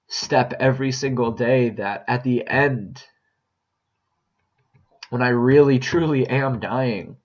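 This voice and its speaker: Man, reflective monologue, slow and halting, earnest; muffled lo-fi sound. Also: mid-range voice. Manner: earnest, halting, repeats phrases as he searches for words. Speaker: vlogger sharing a personal update. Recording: dull lo-fi recording.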